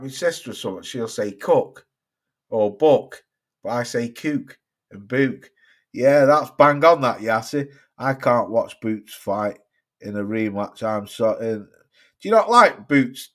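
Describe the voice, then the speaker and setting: A man from Cheshire, England, with a medium-pitched voice and an accent mixing Cheshire and Staffordshire English, hosts a boxing livestream. He chats casually while reading viewer comments, rambling and swearing often.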